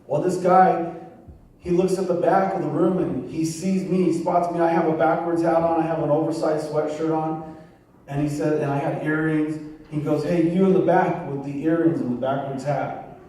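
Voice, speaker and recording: A man's voice: on the high side, fairly even intonation, normal speed, mellow. A man giving a sermon testimony, telling his story with acted-out voices and bits of street slang. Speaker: guest pastor. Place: church sanctuary. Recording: echoey room from a far mic with faint ambience.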